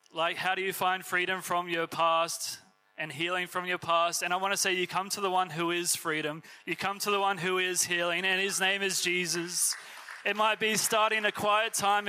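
Young male preacher, earnest and chatty, high and bright. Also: rough recording. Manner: casual, earnest, filler-heavy preaching. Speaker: youth preacher. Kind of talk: sermon.

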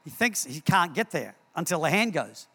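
A man preaching a sermon in a church, telling stories in an animated way and repeating words as he acts scenes out. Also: a little high, normal speed, slightly rough. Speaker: pastor. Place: church hall. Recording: long hall reverb.

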